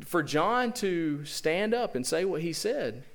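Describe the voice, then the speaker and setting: A man's voice: on the high side, very animated, takes it slowly. A man with a Southern accent preaching a sermon as pastor, in a folksy, conversational way full of rhetorical questions.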